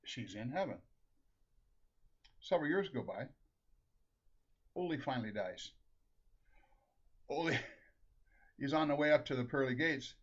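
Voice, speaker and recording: A man's voice: medium pitch, expressive, measured pace, long pauses. A man from Minnesota telling comic jokes, chuckling often and restarting his phrases. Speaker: storyteller. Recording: dull lo-fi recording.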